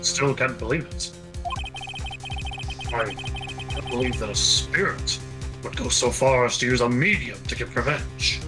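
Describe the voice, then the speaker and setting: A man voicing a slow, doubtful old judge, reading game dialogue in a measured way. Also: medium pitch, over music, lightly acted. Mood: puzzled.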